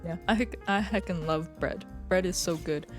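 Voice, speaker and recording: A woman's voice: lowish voice, moderate pace, music in the background. A young woman streamer in casual live chat, rambling, swearing often and joking as she goes.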